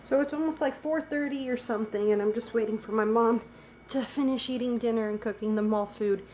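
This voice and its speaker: A woman's voice: fairly high pitch, a little fast, mellow. Young woman, casual vlog chat, filler-heavy, faint room hum behind. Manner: chatty, lots of "like" fillers. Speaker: vlogger.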